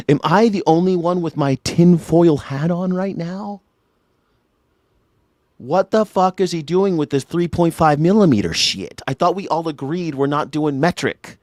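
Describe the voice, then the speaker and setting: Dude doing a sarcastic fake-angry rant, swears a lot, dry studio mic. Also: male voice, fairly high pitch, unhurried, a little mellow, no room sound. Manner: mock-outraged, sarcastic, swearing. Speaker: commentator. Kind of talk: comedic rant reacting to a news clip. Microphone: studio mic through a mixer.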